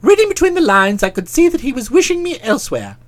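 A woman narrating a comic audiobook in a brisk, expressive storytelling manner. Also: high-pitched.

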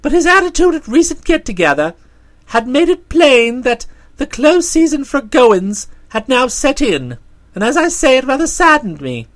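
Woman, audiobook narrator, high voice, very lively, comic storytelling. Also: moderate pace.

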